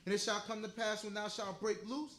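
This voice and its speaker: A man reading scripture aloud in a measured, formal way. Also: high-pitched, level tone, fairly bright tone, slight background noise. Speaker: scripture reader.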